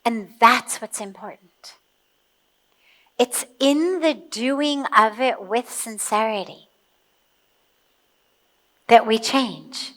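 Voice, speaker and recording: A woman giving a spiritual talk, explaining a teaching and telling a parable in a gentle, measured storytelling manner. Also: fairly high pitch.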